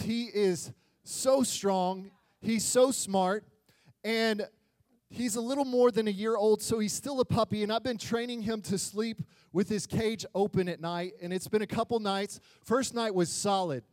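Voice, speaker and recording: Male preacher, high voice, dry close sound, lively and joking sermon delivery. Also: no room sound. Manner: animated and joking, swinging between loud and quiet. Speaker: pastor.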